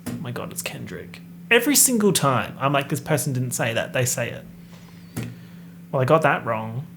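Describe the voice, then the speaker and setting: A man hosting a casual solo podcast, chatting and guessing out loud as he reads and half-sings song lyrics. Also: mid-range voice, sing-song, normal speed, gravelly, slight background noise. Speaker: podcast host. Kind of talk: casual solo podcast, pop music quiz.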